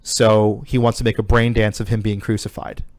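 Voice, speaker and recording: A man's voice: on the low side, level tone, moderate pace, dry recording. A man co-hosting a podcast, casually retelling a video game story with lots of swearing and filler. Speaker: podcast co-host. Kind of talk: casual chat.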